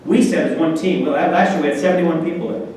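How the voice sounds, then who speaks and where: Middle-aged male guest speaker, animated anecdotes, raised pitch, heard from afar in a reverberant hall. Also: quick pace. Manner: animated anecdotes, acts out quoted voices. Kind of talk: after-dinner storytelling. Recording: echoey hall, distant mic, faint noise.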